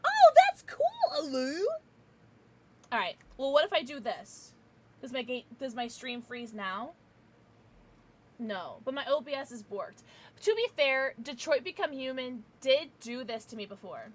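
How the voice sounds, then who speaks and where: A woman's voice: sits high, lively intonation, moderate pace. A woman streaming a video game, chatting casually with her viewers and swearing freely. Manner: chatty, swears freely, talks to chat by name. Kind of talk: casual livestream chat.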